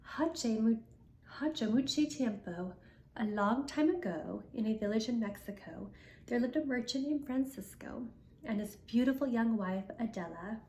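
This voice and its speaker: An older woman, the show's host, reading a picture book aloud in a gentle, chatty way. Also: a little high, animated, moderate pace, reverberant. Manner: gentle, chatty explanations, careful with foreign phrases. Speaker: storyteller.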